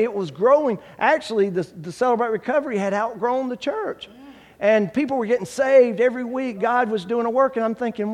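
Male preacher, high tenor, long church echo, animated testimony. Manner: animated storytelling, acts out quoted voices. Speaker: guest preacher. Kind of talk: sermon with personal testimony. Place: church sanctuary.

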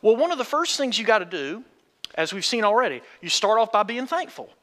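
A man preaching a sermon with a high, bright voice that swings widely in pitch. He talks in a folksy way and keeps asking his listeners questions, and his voice rings out with a long hall reverb. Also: very animated, a little fast. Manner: folksy, asks the congregation questions.

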